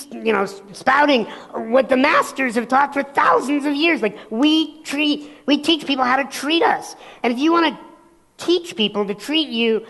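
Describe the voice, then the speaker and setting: A man's voice: very high voice, creaky. Guy giving a keynote on stage, does little voices in his stories, big hall with a long echo. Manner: animated storytelling, acts out voices. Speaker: motivational speaker.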